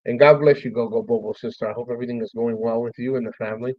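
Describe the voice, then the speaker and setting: A man's voice: mid-range voice, steady tone, racing, no room sound. A man hosting his own stream, talking casually about a lost friend, swearing freely and thanking listeners by name. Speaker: podcast host. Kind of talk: casual memorial monologue. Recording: dull, dry, lo-fi stream audio.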